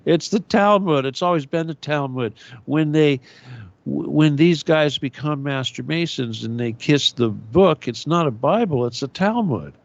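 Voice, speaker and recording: Male host, gravelly, ranting and sarcastic monologue, lo-fi dull audio. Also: a little high, no room sound. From United States. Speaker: radio show host. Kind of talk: conspiratorial monologue.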